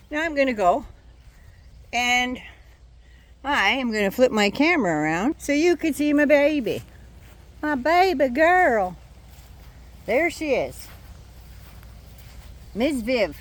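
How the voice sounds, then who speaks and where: An older woman ranting on her vlog, blunt, indignant and sarcastic. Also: mid-range voice. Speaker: vlogger.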